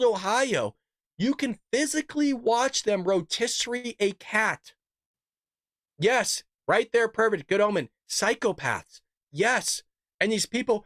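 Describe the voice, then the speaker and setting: A man's voice: high-pitched, fairly bright tone, no room sound, clean studio sound. Sarcastic ranting male host with a cough. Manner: sarcastic, indignant, rhetorical questions. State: sick with a cough. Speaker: show host. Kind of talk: political commentary rant.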